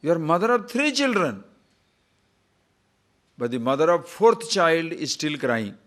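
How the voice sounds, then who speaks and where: An older man giving a spiritual discourse as a teacher, animated, asking rhetorical questions and chuckling now and then. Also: fairly high pitch, unhurried.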